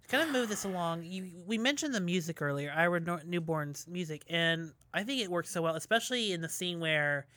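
A man talking films on a comedy podcast, halting and offhand in casual chat. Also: sits high, animated, bright, forceful tone, dry recording. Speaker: podcast guest reviewer.

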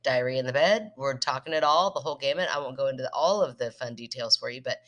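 A woman in her thirties co-hosting a podcast, chatting casually and telling stories in an animated way. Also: very deep voice, quick pace. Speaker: podcast co-host. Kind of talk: casual chat.

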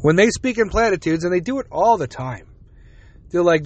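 A man hosts a casual solo podcast in a slightly high voice with big pitch swings, speaking slowly with no echo. He is blunt and sarcastic, mocking the other side with put-on quotes. He sounds drowsy and yawns now and then.

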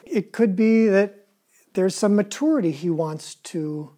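Preacher, mellow tone, retells scripture casually and keeps asking the room questions. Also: medium pitch, unhurried. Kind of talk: conversational sermon.

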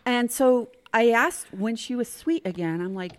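Animated middle-aged woman telling a story. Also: a little high, a little slow, crowd noise. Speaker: podcast guest. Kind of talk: telling a personal story in casual chat.

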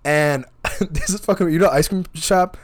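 Speaking at a moderate pace in a fairly high voice, a young man recounts a wild night out in casual conversation. He's profane and animated, cursing nonstop and performing everyone's quotes.

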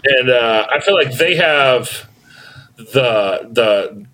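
A man's voice: medium pitch, expressive, drawn-out words, sharp tone, low-quality recording. A man on a casual podcast game, rambling wryly through his guesses. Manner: rambling, wry, uses fillers. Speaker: podcast panelist.

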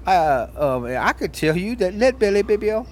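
A man's voice: sits high, big pitch swings, darkish tone, a little hiss or hum. A man doing a comedic impression of an older male soul singer who sweet-talks and calls everyone baby. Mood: smooth, teasing. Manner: croons "baby" at the end of lines, drawn-out and teasing. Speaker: podcast co-host.

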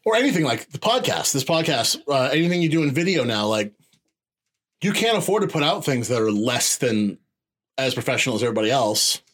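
A man's voice: medium pitch, sing-song, brisk, fairly bright tone. A man from Maine hosting a podcast in casual chat, joking in a wry way. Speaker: podcast host.

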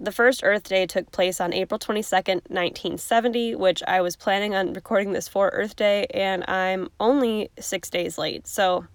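A woman's voice: medium pitch, clear, resonant tone, dry recording. A woman hosting an unedited podcast, rambling in a bubbly, chatty way with goofy asides. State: hiccups. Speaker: podcast host.

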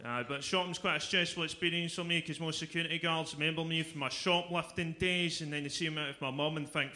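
A young man with a Glaswegian accent performing a stand-up comedy set, delivering jokes in a dry, deadpan manner. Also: a little high, a little hiss or hum. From Scotland. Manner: deadpan delivery, breaks into loud exaggerated shouting for punchlines.

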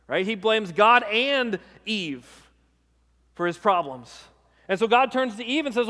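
A man's voice: high voice, animated, a little slow, sharp tone, big-room sound. A man, a pastor, preaching a sermon in a conversational way, often checking in with the congregation.

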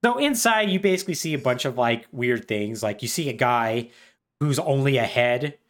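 Brief: male podcast co-host, lively pitch, wry, rambling recap. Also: normal speed. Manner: chatty and wry, full of fillers. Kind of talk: casual plot recap.

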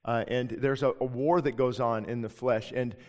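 A man's voice: mid-range voice, fairly even intonation, normal speed, a little mellow. A man preaching as a pastor, earnest and emphatic, often restarting his sentences. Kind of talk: sermon. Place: church sanctuary. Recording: long reverb of a church hall.

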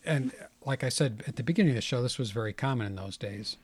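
A man's voice: medium pitch, expressive, fast talker, husky. A middle-aged man co-hosting a casual film chat, dry and wry, tossing in jokey asides. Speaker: podcast co-host.

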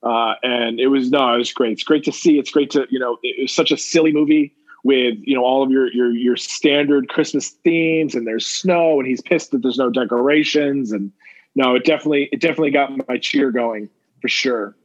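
A man's voice: mid-range voice, steady tone, a little fast. A man co-hosting a podcast in casual chat, swearing often, repeating himself and laughing. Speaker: podcast co-host. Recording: muffled lo-fi audio.

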